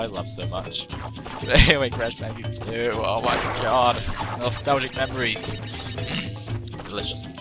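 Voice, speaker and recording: Young man rambling jokily over game music. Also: mid-range voice. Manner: rambling, jokey, self-mocking asides. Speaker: gameplay commentator. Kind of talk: casual let's-play commentary.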